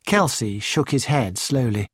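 Slow measured male audiobook narrator. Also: mid-range voice, animated, no room sound, studio quality. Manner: measured, clear storytelling.

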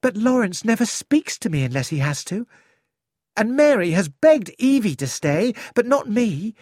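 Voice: mid-range voice, sing-song, normal speed, darkish tone, no room sound, clean studio sound, pitched above the performer's own voice. A reader voicing a troubled, sweet young woman, pleading and emotional, in an audiobook. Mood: worried. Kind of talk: audiobook character voice.

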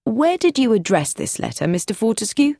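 A woman voicing a calm, probing police inspector who questions in a measured, persistent way. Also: fairly high pitch, no room sound, studio quality, voice pushed up.

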